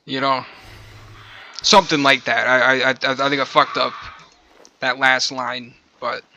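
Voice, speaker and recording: Hoarse, bright-voiced rambling streamer man. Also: mid-range voice, flat delivery, a little slow, highs cut off. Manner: rambling, profane, slangy, calls listener bro. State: hoarse from smoking. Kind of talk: casual stream chat.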